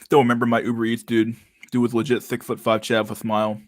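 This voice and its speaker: A man's voice: medium pitch, monotone, fast talker, slight background noise. A man in his thirties hosting a casual live stream, reading viewer comments aloud in a loose, profane way and saying "dude" a lot. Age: 30s.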